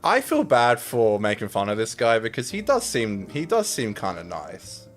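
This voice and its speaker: A man's voice: on the low side, wildly swooping pitch, moderate pace. Aussie guy on a podcast, goofing around, voice jumps up and down, bit of music underneath. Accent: Australian. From Australia. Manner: loose, joking, talks over his co-host. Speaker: podcast co-host. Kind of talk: casual chat reacting to clips.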